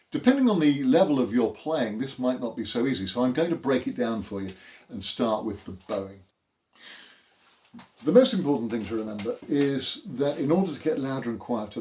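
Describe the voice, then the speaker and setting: A man's voice: mid-range voice, expressive, moderate pace, a little mellow. A man teaching a beginner cello lesson in an informal, explanatory way with dry, self-mocking humour. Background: cello playing between phrases.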